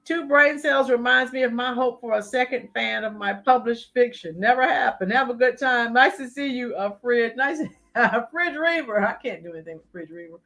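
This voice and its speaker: A woman's voice: a little high, normal speed, fairly bright tone. A woman hosting a live-stream, giving emphatic political commentary and talking to chat viewers by name. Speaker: channel host.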